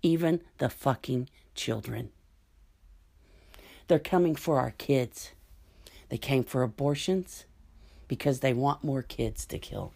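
A woman with a low voice rants to camera in fury, swearing freely and spitting scorn. She speaks in slow, heavy phrases that land like verdicts, and each accusation comes out sharp and cutting. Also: animated, creaky. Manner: furious, profane, cutting. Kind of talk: angry political rant to camera.

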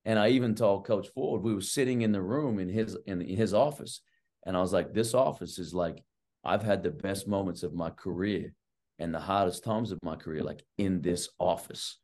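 A middle-aged college basketball coach, a guest on a podcast, tells coaching stories at length in a casual way. His fairly low voice moves at a moderate pace, and he's animated and long-winded, leaning heavily on fillers like "like" and "right."

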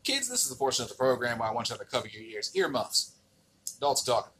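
Exasperated, profane American podcast host. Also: male voice, mid-range voice, sing-song, fast talker, fairly bright tone, breathy edge. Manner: exasperated, profane, rants with many restarts. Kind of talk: casual ranting commentary.

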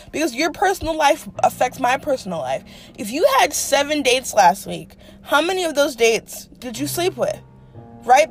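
A young woman hosting a podcast, telling a dating story in a casual, profane, dramatic way. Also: on the high side. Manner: animated, profane, dramatic with quoted asides. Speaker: podcast host.

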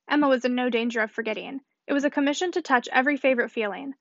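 Brisk high-voiced woman reading aloud. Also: no echo. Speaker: audiobook reader. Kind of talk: reading a classic novel aloud. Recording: slightly muffled dry recording.

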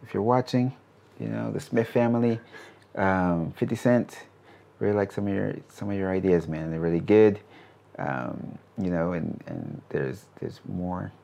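Man, 30s, interview guest: very low gravelly voice, loose and rambling, lots of "um" and "you know". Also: unhurried. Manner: relaxed, rambling, many fillers and restarts. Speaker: animation studio CEO, interview guest. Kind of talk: casual interview answers.

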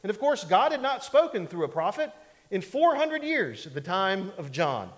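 Speaking high and with lots of animation at a moderate pace, a man preaches a chatty, down-home sermon in a church sanctuary. He cracks jokes, adopts mock voices and often prompts an amen, all under long hall reverb.

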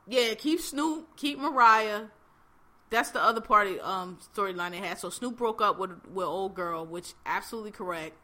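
A woman with a bright, clear-toned voice hosts a casual podcast. She talks bluntly in loose, slang-heavy speech. She is full of fillers and easy laughter. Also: mid-range voice, moderate pace. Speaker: podcast host. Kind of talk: casual chat recapping reality TV.

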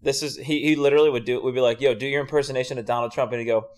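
A young man co-hosting a podcast, telling animated stories in casual chat, swearing often and laughing a lot. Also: mid-range voice, racing. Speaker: podcast co-host.

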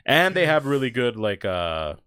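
A man talks in a loose, rambling way on a podcast, full of "like" and "uh." His pitch swings widely as he jokes around. He sounds relaxed and easygoing. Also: normal speed, clean tone. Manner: rambling, laid-back, with many fillers. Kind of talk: casual comedic chat.

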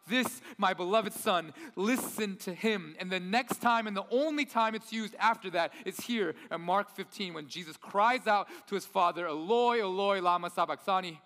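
Guy preaching, kinda nerdy and excited, bright tone, hall echo. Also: high-pitched. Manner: enthusiastic, nerdy, conversational. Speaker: pastor. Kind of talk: sermon.

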